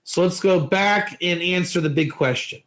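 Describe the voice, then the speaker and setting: A man teaching a Torah lesson in an informal, animated way, telling stories and asking rhetorical questions. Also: sits high, moderate pace, rough recording.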